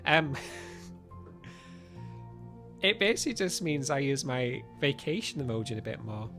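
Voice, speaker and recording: A man's voice: mid-range voice, big pitch swings, unhurried, long pauses, sharp tone, faint music behind. A man streaming a game live through a studio mic with a pop filter, chatting and thanking viewers over and over.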